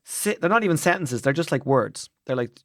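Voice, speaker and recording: An Irish man co-hosting a podcast in casual chat, animated and jokey, rambling with restarts. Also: a little high, a little fast, dry recording, studio quality. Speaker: podcast co-host.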